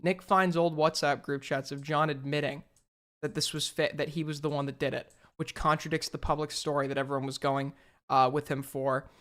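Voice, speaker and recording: A man hosting a casual reaction commentary, sarcastic and animated, swearing freely. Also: a little high, normal speed. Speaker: commentary host.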